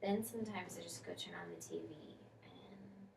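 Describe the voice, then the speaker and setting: A woman's voice: medium pitch, huge pitch swings, normal speed, vocal fry. A woman playing a hesitant, tired schoolgirl client. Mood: subdued. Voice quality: hesitant, rambling with many fillers. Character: female schoolkid client, tired, restless, unsure. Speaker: counseling client in role-play. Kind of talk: counseling role-play. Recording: echoey room, distant mic, faint noise.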